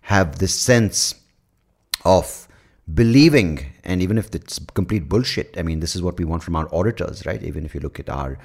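Deep-voiced Indian podcast host. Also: male voice, lively intonation, moderate pace, vocal fry, darkish tone. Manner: rambling, crude, self-mocking. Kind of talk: comic podcast monologue.

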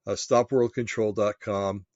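A man casually talking through a web page on screen, pausing often with ums and restarts. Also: on the low side, steady tone, darkish tone, no echo. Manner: halting, many ums and restarts. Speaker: vlogger reading a web page aloud. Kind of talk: casual screen-share commentary. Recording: dull, lo-fi, dry sound.

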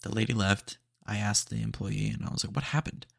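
A man's voice: fairly low pitch, completely flat delivery, a little fast, creaky, no room sound, clean studio sound. A man hosting a podcast, chatting casually and rambling with lots of fillers and laid-back slang. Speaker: podcast host.

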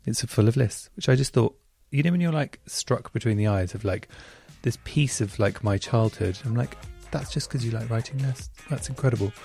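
A man's voice: medium pitch, moderate pace, creaky, warm tone, soft background music. A man hosting a podcast, chatting and gushing enthusiastically while reading out listener messages. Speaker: podcast host.

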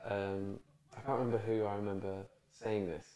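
A man's voice: lowish voice, little pitch movement, moderate pace. Affirming male co-host in an echoey room. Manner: warm affirming listener, lots of "yeah". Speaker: podcast co-host. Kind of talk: casual chat.

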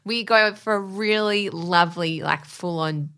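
A woman's voice: medium pitch, measured pace, a bit bright, smooth. A woman, co-hosting a podcast in a chatty, upbeat way and laughing often. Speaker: podcast co-host. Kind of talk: casual chat.

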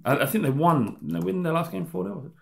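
A man's voice: a little high, a little fast, creaky, a crowd in the background. Musing man, roomy echo. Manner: musing, repeats words while thinking. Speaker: podcast co-host. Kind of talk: casual chat.

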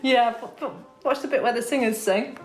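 Playful woman, higher voice, roomy sound. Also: moderate pace, faint music behind. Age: middle-aged. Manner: playful, self-mocking, laughs easily. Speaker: guest. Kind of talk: casual chat. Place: her own home. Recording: roomy home recording over remote link.

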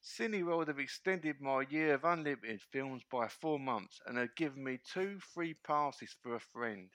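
A man's voice: medium pitch, expressive, a little slow, fairly bright tone, no room sound. A man co-hosting a casual talk show, joking as he reads listener messages aloud. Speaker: podcast co-host reading fan messages. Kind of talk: casual banter.

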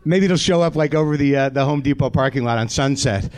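A man's voice: medium pitch, quick pace, darkish tone. A man hosting a live comedy show, doing a profane, self-deprecating stand-up rant straight to the audience from a theater stage. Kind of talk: stand-up monologue.

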